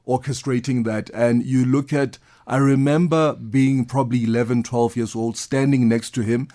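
A man's voice: medium pitch, fairly even intonation, normal speed, mellow. A man, a guest expert explaining things enthusiastically in a conversational interview. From South Africa.

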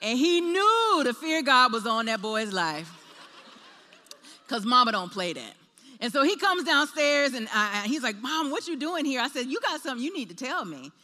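Animated woman preaching in an echoey hall. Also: a little high, normal speed. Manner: animated storytelling, acts out voices in quotes. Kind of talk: sermon with personal story.

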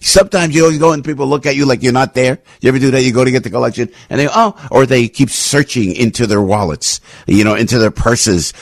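An older man hosting a radio talk show, telling anecdotes in an emphatic, repetitive, rambling way with sudden swings in pitch. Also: fast, gravelly, hardly any pauses, no echo, clean studio sound. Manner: emphatic, repetitive, restarts often. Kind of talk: rambling opinion monologue with anecdotes.

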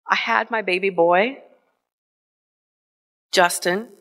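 Woman, middle-aged, from Ohio, live stage storytelling, bright forceful tone, emotional pauses. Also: mid-range voice, fairly even intonation. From Northwest Ohio, USA. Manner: slow, deliberate, emotional delivery with pauses. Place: theater stage before an audience.

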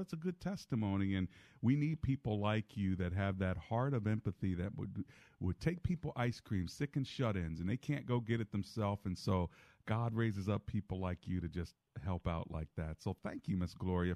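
A man's voice: fairly low pitch, normal speed, warm tone, dry recording. A man hosting a Christian call-in radio show, talking with callers in an earnest, encouraging way and closing in prayer. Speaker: radio show host and pastor.

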